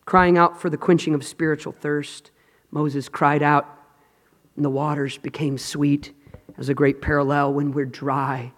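A man preaching a sermon with passion, swinging from loud cries to hushed whispers. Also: fairly high pitch, level tone, a little slow. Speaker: pastor. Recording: long hall reverb.

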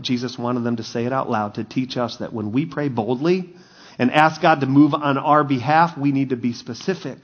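A man preaching a sermon, telling stories and acting out quotes, swinging between loud emphasis and hushed, quiet lines. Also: fairly high pitch, dull audio. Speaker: pastor.

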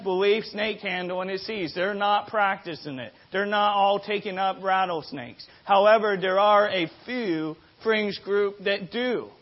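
High-voiced man preaching on a dull recording. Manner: animated storyteller, frequent restarts and repeated words. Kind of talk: sermon with storytelling.

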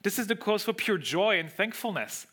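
A man delivers a sermon in English, which is not his first language. His voice is bright and sits slightly high. He explains the text, repeats words for emphasis and puts rhetorical questions to the room. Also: lively intonation, normal speed, husky. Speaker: preacher. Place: room with a congregation.

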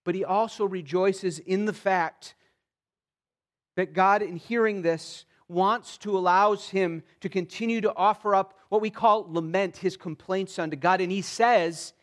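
A man preaching an expository sermon in an earnest, pleading way, moving between soft stretches and emphatic ones. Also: sits high, measured pace. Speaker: pastor.

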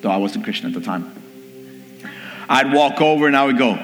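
Animated male preacher in a reverberant hall. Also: medium pitch, fairly quick. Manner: animated storytelling, acting out family members. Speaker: pastor. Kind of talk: sermon with personal stories. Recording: long hall reverb with faint music.

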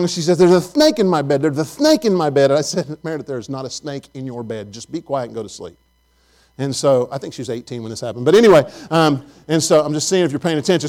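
Man, middle-aged pastor, high voice, animated storytelling sermon.

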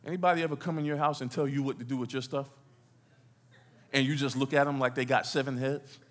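A middle-aged pastor with a steady, medium-pitched voice talks quickly through his sermon in the church sanctuary. He keeps asking the congregation questions and waits each time for them to respond.

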